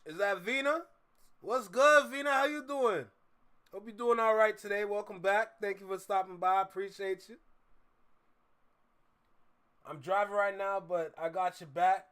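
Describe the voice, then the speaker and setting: A man's voice: high voice, moderate pace, fairly bright tone, smooth. A man hosting a live stream while driving, casually greeting viewers in slang. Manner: laid-back, greets chatters, slangy. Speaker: livestream host. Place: in a car, driving.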